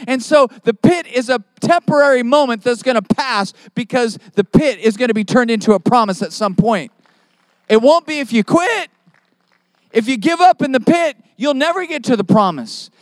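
High-voiced emphatic male pastor preaching. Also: dry recording. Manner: emphatic preaching with rhetorical questions. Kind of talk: sermon.

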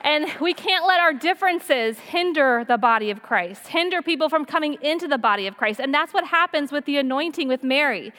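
High-voiced woman preaching in a hall. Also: lively intonation, fairly quick, hardly any pauses, bright, forceful tone. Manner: earnest, personal storytelling with repetition. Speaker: women's speaker. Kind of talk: sermon. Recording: long reverb of a hall.

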